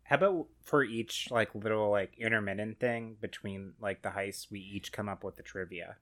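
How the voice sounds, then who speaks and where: A man with a fairly low voice co-hosts a comedy podcast. He talks in a laid-back way and keeps filling his lines with ums and likes. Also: normal speed, fairly bright tone. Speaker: podcast co-host. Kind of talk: comedic casual chat.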